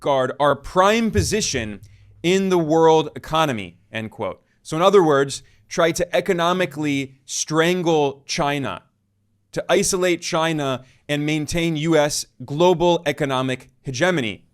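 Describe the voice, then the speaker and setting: A male journalist reading a scripted news report in a measured, emphatic way. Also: a little high, smooth. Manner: measured, emphatic delivery with quoted passages.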